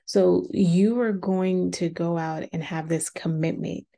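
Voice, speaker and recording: A woman's voice: on the low side, slow, vocal fry. A woman casually recapping a reality TV episode, chatty and acting out the quotes. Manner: chatty, acts out quotes in a lively voice.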